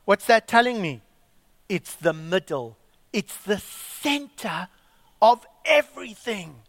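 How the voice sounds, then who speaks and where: A man preaching a sermon, emphatic and full of rhetorical questions and dramatic pauses. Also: high-pitched, sing-song, a bit bright, dry recording. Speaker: pastor.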